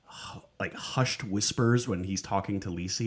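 A man's voice: on the low side, fairly quick, slightly rough. A man co-hosting a podcast, rambling and restarting his sentences as he recaps a show. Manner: rambling, hesitant, many restarts. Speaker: podcast co-host. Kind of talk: casual recap chat.

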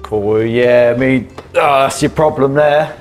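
A man's voice: medium pitch, unhurried, music in the background. A man playing a tabletop game, talking casually in a hesitant, stammering way. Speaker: player.

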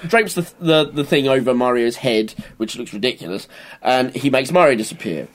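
A man's voice: mid-range voice, lively intonation, normal speed. A man co-hosting a podcast, swearing freely and recapping episodes in casual chat. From Britain. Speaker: podcast co-host.

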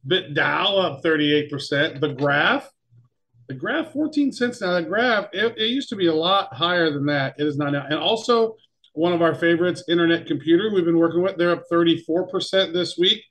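A man's voice: on the high side, moderate pace, a bit bright. A man co-hosting a casual crypto podcast, playful and rambling as he reads off the weekly winners. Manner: playful, rambling, self-mocking. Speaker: podcast co-host.

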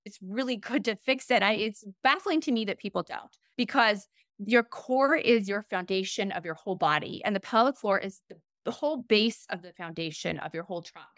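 A middle-aged woman, a fitness trainer guest on a podcast, explaining in an animated way full of "like" and "right?". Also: medium pitch, normal speed, no room sound, studio quality.

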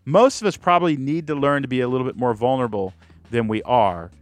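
A man hosting a podcast, chatting in a relaxed, upbeat way and steering the conversation. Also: medium pitch, fast, no echo, soft background music. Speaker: podcast host. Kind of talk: casual podcast chat.

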